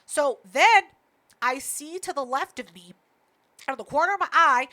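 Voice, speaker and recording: A young woman tells a story on a podcast in a high, lively voice. She swears freely and jumps into other people's lines as she goes. The tone is casual and fast-moving. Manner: animated, swears a lot, acts out quotes. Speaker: podcast co-host.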